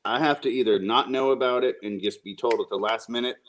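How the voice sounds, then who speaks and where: A man's voice: mid-range voice, fast talker, a little hiss or hum. A man chatting casually as a guest, telling stories in an easygoing way. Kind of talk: casual interview chat.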